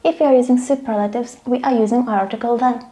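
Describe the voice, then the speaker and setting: A woman teaches a grammar lesson. Her voice sits a little high but sounds soft and mellow. She explains step by step and keeps checking that the students follow. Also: steady tone, fast talker. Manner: patient, checks in with frequent "okay?" and "right?". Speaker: English teacher.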